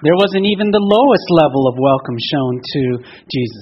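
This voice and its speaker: A man giving a consecutive interpretation of a sermon, retelling it in a relaxed way and lightly acting out the quotes. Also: on the high side, moderate pace, dull audio, a little hiss or hum.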